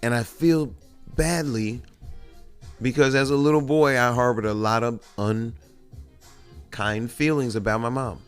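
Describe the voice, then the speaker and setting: Man, podcast host, confessional monologue, profane, rambling, smooth resonant voice, mid pitch. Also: steady tone, measured pace, pauses often, faint music behind. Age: adult with children. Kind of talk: candid solo podcast monologue.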